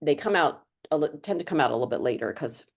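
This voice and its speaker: A middle-aged woman with a notably low voice talks casually as an interview guest. She rambles through her answers, full of ums and restarts, in a loose, conversational way. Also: lively intonation, fast, creaky, breathy edge. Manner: chatty, rambling with many fillers. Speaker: author guest.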